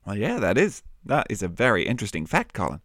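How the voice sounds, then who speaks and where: Lively low-voiced children's podcast host. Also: male voice, quick pace, no room sound, clean studio sound. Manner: warm, lively, teacherly. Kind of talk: friendly kids' Bible podcast.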